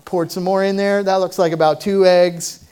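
A man's voice: high voice, little pitch movement, normal speed, mellow, clear, resonant tone. A man leading a prayer and then telling a humorous personal story in a sermon. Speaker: pastor.

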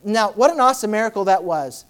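A woman preaching a sermon in a conversational way, with many fillers, who acts out Bible scenes with sudden loud, high outbursts. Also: lively intonation, fast talker. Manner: dramatic, acting out Bible scenes in shifting voices.

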